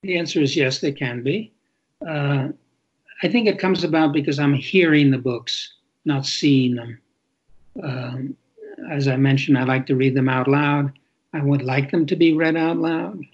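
Older man, husky, animated storyteller. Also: fairly high pitch, measured pace, dull audio. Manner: animated storyteller, acts out quoted letters. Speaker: author guest. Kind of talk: interview conversation.

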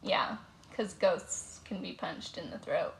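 A woman's voice: on the low side, slow pace, vocal fry, a little hiss or hum, poor audio. A woman co-hosting a podcast, chatting casually with a dry, teasing sense of humor. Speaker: podcast co-host. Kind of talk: casual chat.

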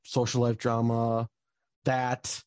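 A man's voice: mid-range voice, completely flat delivery, takes it slowly, darkish tone, smooth, no echo. A young man telling a personal story in a casual, rambling way, with lots of fillers and bursts of frustration. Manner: rambling, many fillers, gets heated and swears.

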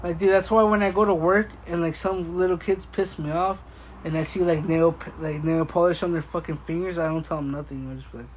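High-voiced young man swearing through a story. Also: fairly even intonation, fairly quick, a little hiss or hum, rough recording. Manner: profane, storytelling, laughs often. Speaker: podcast co-host. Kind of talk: casual chat.

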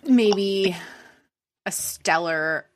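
A woman's voice: mid-range voice, very slow. A woman co-hosting a casual podcast, reacting to the story with jokes and laughter. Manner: reactive, joking, laughs often. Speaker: podcast co-host.

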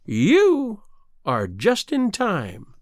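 Guy doing a mocking sea witch voice, higher than his own, swoops up and down, slow and drawn out, storybook style. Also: huge pitch swings, no room sound, clean studio sound, heavily acted. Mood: taunting. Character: cruel scheming female sea witch, mocking. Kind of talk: storybook reading.

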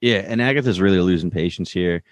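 Male co-host, low voice, dry close mic, lively scene recap. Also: fast, no room sound. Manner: animated retelling, quotes lines in put-on voices. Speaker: podcast co-host recapping a show. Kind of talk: casual chat.

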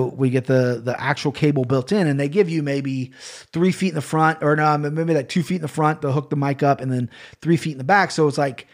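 A man hosting a podcast, telling a long story in a rambling, profane, casual way. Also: on the high side. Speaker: podcast host. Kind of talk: casual chat.

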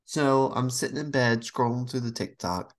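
This woman co-hosts a relaxed podcast, with a bass voice at a normal speed. She's an animated storyteller who acts out the voices of the people in her tales.

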